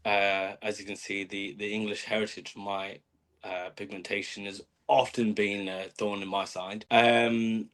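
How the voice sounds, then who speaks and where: A man's voice: on the low side, little pitch movement, measured pace, a bit bright. A man from Australia who lives in England, a podcast guest telling stories in a dry, self-mocking way with lots of fillers. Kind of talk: casual chat. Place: living in England.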